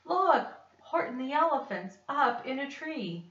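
A woman's voice: high-pitched, sing-song, a little slow, a bit bright, pitched above the performer's own voice, exaggerated voice. A woman voicing a group of mocking animal friends who taunt in a raised storybook voice. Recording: dull, roomy, distant recording.

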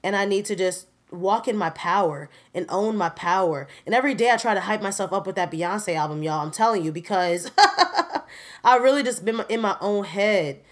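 A woman in her twenties giving a candid, animated personal update on her podcast, laughing often and talking straight to her listeners. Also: mid-range voice, normal speed. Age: 20s. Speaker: podcast host.

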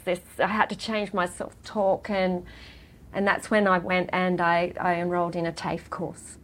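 A middle-aged woman, a podcast guest, telling her story in a heartfelt, halting way with frequent restarts. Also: mid-range voice, level tone, fairly bright tone. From Australia. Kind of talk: emotional personal interview.

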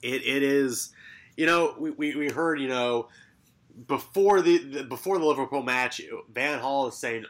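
Bright-voiced man hosting a sports podcast. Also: mid-range voice, measured pace. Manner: lively, rattles through fixture lists with sarcastic asides. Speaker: podcast co-host. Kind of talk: casual sports podcast chat.

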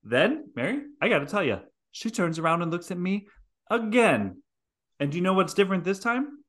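A man's voice: high-pitched, moderate pace. A middle-aged man hosting a podcast, telling a story with lots of swearing and acted-out voices. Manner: animated, profane storyteller acting out scenes. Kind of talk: storytelling chat.

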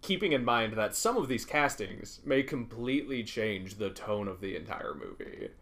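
A man hosting a casual podcast chat, animated and quick to laugh as he runs a game segment. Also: lowish voice, vocal fry. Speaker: podcast host.

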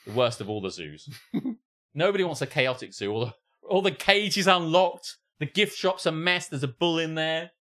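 Speaking at a moderate pace with a fairly high pitch, a man on a comedy podcast reads a post aloud as co-host. He riffs on it with animated laughter, swearing and mock voices.

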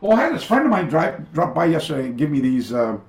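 Older male guest on a video call, lively storyteller with a wandering delivery, roomy sound. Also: fairly high pitch, fast talker. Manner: animated, rambling, many fillers and restarts. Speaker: guest, karate master. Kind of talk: casual storytelling interview.

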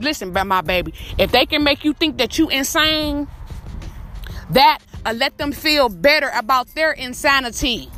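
A woman's voice: sits high, bright, forceful tone. A woman in her twenties hosting a podcast, giving a profane, emphatic motivational pep talk straight to her listeners. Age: 20s. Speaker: podcast host.

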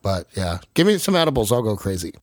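A man's voice: fairly low pitch, very animated, fast talker, no room sound, clean studio sound. A young man on a podcast, chatting casually over a video call and telling stories while laughing and swearing. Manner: laughing storyteller, swears freely. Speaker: podcast host. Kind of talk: casual chat.

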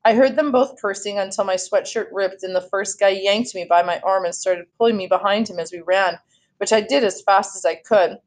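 A woman's voice: mid-range voice, brisk. Woman reading a novel aloud. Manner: steady storytelling with small self-corrections. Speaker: read-aloud host.

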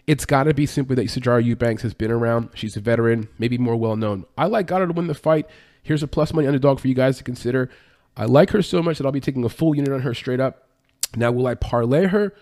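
Male podcast host, quick and chatty, dry close sound. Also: medium pitch, darkish tone, dry recording. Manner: fast, chatty, with fillers and self-corrections. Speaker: MMA betting podcast host. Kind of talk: casual fight-pick analysis.

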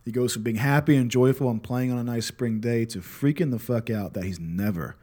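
Speaking a little fast at a middle pitch, a thirty-something dad who hosts a podcast spins a loose, off-the-cuff story from home. He curses openly, mocks himself, and slides into candid, reflective advice while staying relaxed.

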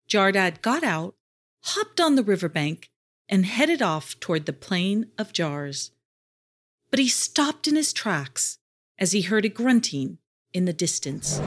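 A woman reads a children's story aloud in an expressive storytelling voice. She goes slowly and lets her pitch rise and fall widely. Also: a little hiss or hum. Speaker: narrator.

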